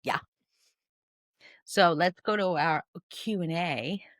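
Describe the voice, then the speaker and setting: Woman, podcast co-host, lowish voice, animated storyteller, dry close sound. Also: very slow, no room sound. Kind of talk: casual storytelling chat.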